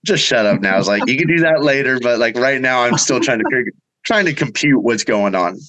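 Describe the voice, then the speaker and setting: A middle-aged man, a bowhunter guest, telling a story in a casual way and acting out the quotes with big jumps in pitch. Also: lively intonation, a little fast, fairly bright tone, poor audio.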